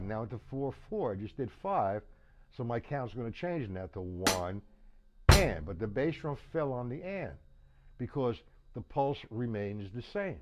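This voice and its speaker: A man teaching drums in a live lesson. He talks plainly, repeats and restarts himself, and counts beats out loud. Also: mid-range voice, animated, unhurried, loud music behind the voice. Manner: counts beats aloud over his playing. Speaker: drum teacher. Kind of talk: live online drum lesson. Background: drum kit playing.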